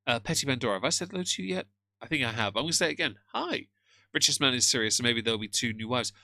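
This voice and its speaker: A man's voice: medium pitch, expressive, rapid-fire, pushed and bright, dry recording. Jokey man live-streaming. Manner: greets chat members by name, jokey. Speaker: streamer reacting to a video. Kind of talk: casual live-stream chat.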